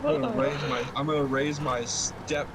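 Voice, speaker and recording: A man's voice: a little high, flat delivery, normal speed. Blunt cursing man over game noise. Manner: blunt, swears casually, talks through what he is doing in the game. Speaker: gamer on a multiplayer stream. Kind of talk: casual chat while gaming.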